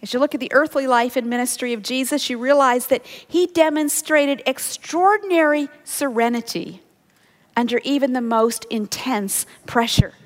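Woman Bible teacher, high voice, sermon in a big echoing hall, earnest and animated. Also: normal speed. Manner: earnest and animated, with self-deprecating asides. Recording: long hall reverb.

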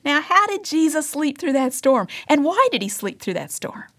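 A woman giving a devotional Bible teaching, earnest, reading passages aloud and dropping to a hush for emphasis. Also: high-pitched, sing-song, normal speed.

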